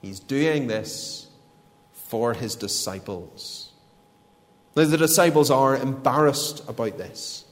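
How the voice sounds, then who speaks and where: A man preaching an evening sermon in a slightly high voice, taking it slowly and deliberately. He drives points home through emphatic repetition. His words ring out with the long reverb of a large church hall. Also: animated.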